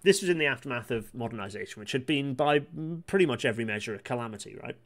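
Fast-talking man reading and commenting. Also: medium pitch. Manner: rapid, with many restarts and asides. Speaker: host of a live read-through. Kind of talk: casual live-stream commentary on a historical report.

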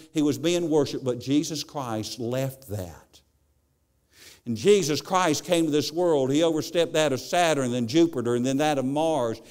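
A man's voice: on the high side, darkish tone, clean tone. A male preacher giving a sermon, telling stories and often repeating his words as he goes.

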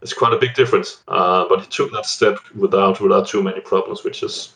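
A man with a slightly low voice talks football as a guest pundit. He halts often, repeating words before pushing on. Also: steady tone, brisk, gravelly, a bit bright. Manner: hesitant, many restarts and repeated words. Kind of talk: casual football discussion.

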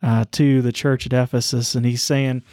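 Man, podcast co-host, earnest halting storyteller, dry close mic, mid pitch. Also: flat delivery, dark tone, dry recording. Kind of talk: Bible study podcast conversation.

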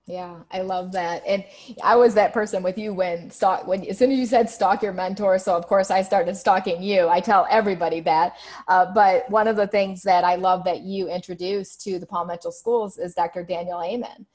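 A woman hosting an interview podcast, speaking with warm enthusiasm. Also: fairly low pitch, steady tone, moderate pace. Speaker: podcast host. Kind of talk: casual interview chat.

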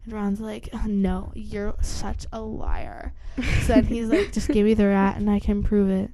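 A woman casually retelling a story in a chatty way, full of fillers and quick acted-out lines. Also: mid-range voice, steady tone, a crowd in the background. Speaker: storyteller retelling a book plot.

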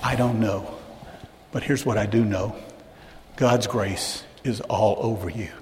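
A man's voice: fairly low pitch, fairly even intonation, unhurried. Guy pastor preaching, earnest, talks right at the pews, repeats himself for emphasis, big echoey church hall. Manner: earnest, direct address to the congregation, repeats phrases for emphasis. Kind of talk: sermon. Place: church sanctuary. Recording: echoey hall with long reverb, faint hiss.

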